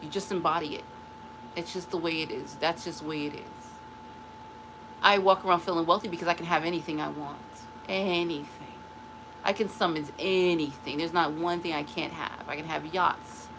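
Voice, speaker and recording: A woman's voice: low voice, steady tone, normal speed, background noise. A middle-aged woman hosting a spiritual live stream, giving a blunt, emphatic motivational talk that repeats phrases for stress. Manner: blunt and dismissive.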